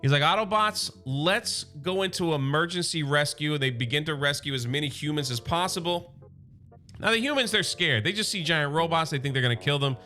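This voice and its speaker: A bright, forceful male voice sitting a touch above the usual pitch, talking through a comic issue with casual enthusiasm. He drops into quick, loose paraphrases of the characters' lines as he goes. A faint music bed runs underneath. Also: animated. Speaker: comic book reviewer.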